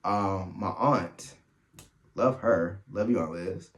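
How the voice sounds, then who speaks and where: Animated man telling family stories. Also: sits low. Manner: animated, laughs through his stories, quick asides. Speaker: podcast host. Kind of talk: solo storytelling chat.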